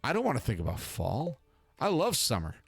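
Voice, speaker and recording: Rambling, lively-voiced male game host. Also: medium pitch, brisk, gravelly, husky, no echo. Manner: rambling, chatty, laughs often. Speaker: let's play host. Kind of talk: casual gameplay commentary.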